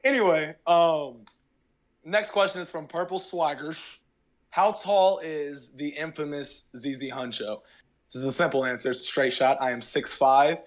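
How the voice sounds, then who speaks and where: A young man hosting a casual podcast, reading listener questions aloud in an animated, laughing way. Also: on the high side, measured pace. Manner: animated, laughing, mimics yelling. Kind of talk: casual chat.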